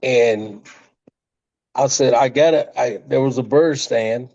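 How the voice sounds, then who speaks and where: Gravelly older man telling stories. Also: mid-range voice, takes it slowly. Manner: animated storyteller, frequent laughs and restarts. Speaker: interview guest, retired pro wrestler. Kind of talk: storytelling interview. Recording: slightly muffled lo-fi audio.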